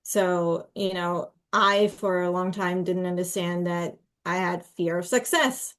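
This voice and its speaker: A woman's voice: fairly low pitch, steady tone, measured pace, a bit bright. A woman co-hosting a podcast, talking reflectively about her own experience with casual fillers.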